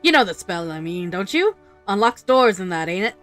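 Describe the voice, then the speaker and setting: A woman's voice: mid-range voice, big pitch swings, moderate pace, fairly bright tone, soft background music, voice pushed down. A woman voicing a cheeky male fairy companion, reading game lines in a cocky, slangy, blunt way. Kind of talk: reading game dialogue aloud.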